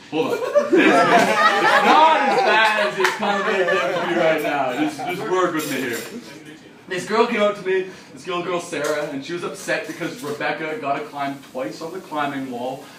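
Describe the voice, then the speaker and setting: A young man performing a stand-up comedy set with an excitable, swearing delivery, acting out kids and other voices. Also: on the high side, normal speed, far from the mic. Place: small bar stage with live audience. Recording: roomy bar recording from afar, crowd laughter.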